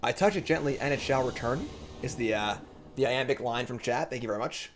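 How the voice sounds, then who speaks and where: A man's voice: medium pitch, fairly quick, faint music behind. A young man giving casual, joking commentary while he streams a card game. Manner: joking, talks to himself and the opponent. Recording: background noise.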